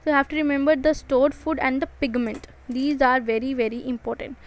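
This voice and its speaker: High-voiced Indian English woman teaching. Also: flat delivery, a little fast, rough recording. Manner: repeats key points with emphasis, stressing words. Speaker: biology teacher. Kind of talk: exam-prep lecture.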